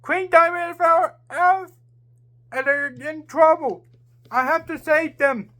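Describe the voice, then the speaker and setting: A woman voicing a brave young boy hero, raising her voice high and loud. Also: unhurried. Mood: determined.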